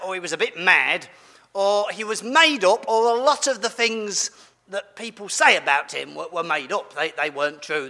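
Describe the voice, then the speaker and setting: A man's voice: sits high, bright, forceful tone, big-room sound. A man giving a playful, family-friendly sermon as a preacher, asking his audience questions as he goes.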